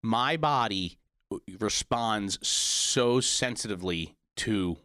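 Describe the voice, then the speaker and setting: A man's voice: fairly low pitch, lively intonation, takes it slowly, sharp tone, no echo, studio quality. A man co-hosting a podcast in casual chat, easygoing and rambling. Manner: rambling, repeats himself, easygoing. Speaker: podcast co-host.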